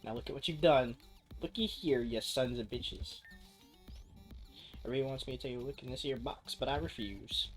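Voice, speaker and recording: A man's voice: normal speed, long pauses, faint music behind, lightly acted. A man voicing a timid schoolgirl who turns into a feisty Southern gal with a put-on Southern drawl. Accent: put-on American Southern. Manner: high, scared whining, then drawling and sassy.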